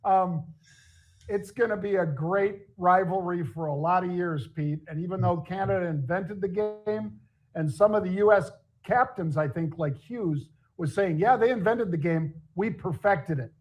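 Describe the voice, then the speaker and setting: A middle-aged man with a high voice co-hosts a casual market talk show. He is chatty and jokey, and now and then he laughs at his own stories. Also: unhurried. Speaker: show co-host.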